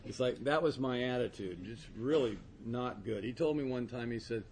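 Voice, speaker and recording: A man's voice: medium pitch, moderate pace, vocal fry, hardly any pauses, darkish tone, slight background noise. A man speaking candidly and conversationally at a recovery meeting, rambling with frequent asides. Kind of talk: personal testimony talk.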